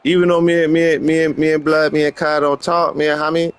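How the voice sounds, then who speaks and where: A man's voice: on the high side, level tone, quick pace. A man giving casual gaming commentary, rambling and joking with frequent laughs. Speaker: gamer.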